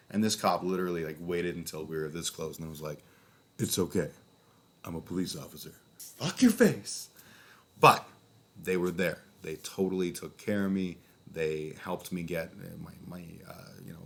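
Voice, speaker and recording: A man in his thirties from Calgary telling a personal story as a vlogger in a casual monologue, profane and sardonic, with sudden loud outbursts. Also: sits low. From Calgary, Canada.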